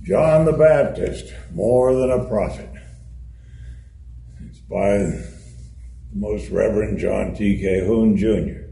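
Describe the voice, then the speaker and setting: A man reading a sermon aloud in a measured way, with touches of dry humor. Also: medium pitch, gravelly, mellow. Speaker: reader of a sermon. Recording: echoey room.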